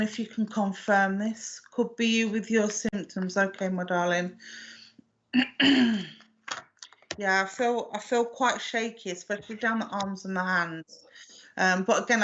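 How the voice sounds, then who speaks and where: A woman, working as a medium in a live online reading, speaking gently and affectionately with many hesitations and restarts. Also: mid-range voice, lo-fi sound. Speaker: psychic medium.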